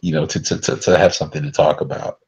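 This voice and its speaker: Speaking quickly with vocal fry, a young man in a very deep voice with little pitch movement co-hosts a podcast. He keeps things loose, rambling and joking and restarting often, over a dull lo-fi recording.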